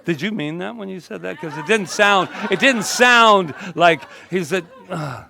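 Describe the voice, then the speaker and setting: A man's voice: high-pitched, animated, a little slow, creaky, pushed and bright. A male minister giving a casual, joking sermon and chatting with his congregation. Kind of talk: conversational sermon.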